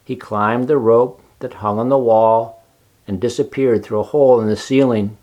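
A man reading a children's storybook aloud in a calm, measured way. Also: medium pitch, highs cut off. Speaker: narrator.

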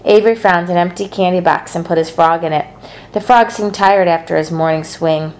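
A woman narrates a children's novel aloud. Her delivery is steady and gentle, and her voice sits a little low for a woman. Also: fairly quick. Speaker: storybook narrator.

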